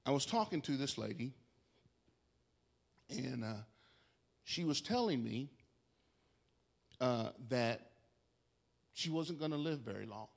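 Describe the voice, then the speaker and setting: A man preaching a sermon, telling a story and quoting both sides of a talk, dropping low and soft, then rising loud and urgent. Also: lively intonation, slow, creaky, long pauses.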